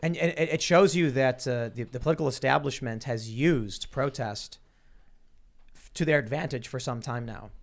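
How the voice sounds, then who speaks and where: Talk show host guy, middle pitch, sarcastic and casual. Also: normal speed, creaky. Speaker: podcast host.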